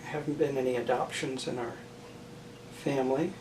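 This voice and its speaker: An older man answers interview questions about family and marriage in a measured, halting way, often pausing and restarting his sentences. He is heard from some distance in a roomy space. A faint background hiss sits under the voice. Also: medium pitch, fairly even intonation. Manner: thoughtful, halting, many fillers and restarts. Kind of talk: oral history interview.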